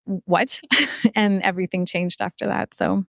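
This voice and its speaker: A woman in her thirties, a podcast guest, telling a hard personal story in a halting way, often searching for words. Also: medium pitch, fairly even intonation, creaky, fairly bright tone, no room sound, clean studio sound. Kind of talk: emotional interview storytelling.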